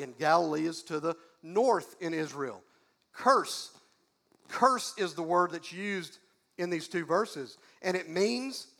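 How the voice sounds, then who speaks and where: A pastor preaching in a high, gravelly voice. His delivery is folksy and emphatic, and he leans on repeated questions to drive each point home. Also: fairly bright tone. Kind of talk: sermon.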